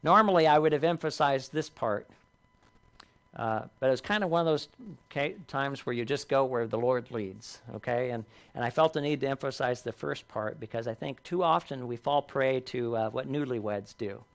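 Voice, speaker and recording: A man preaching a sermon, earnest, lifting his voice for emphasis and dropping low on key lines. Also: moderate pace. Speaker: pastor.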